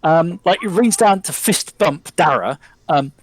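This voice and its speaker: A man's voice: fairly high pitch, animated, unhurried, breathy edge, dry recording, rough recording. A man narrating a tabletop role-playing game as game master, rambling with many ums and likes.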